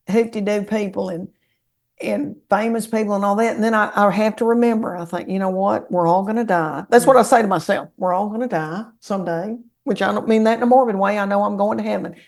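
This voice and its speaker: Quick-paced and mid-range, her voice has a Southern American accent. She's a comedian guesting on a casual podcast, animatedly recounting folksy stories.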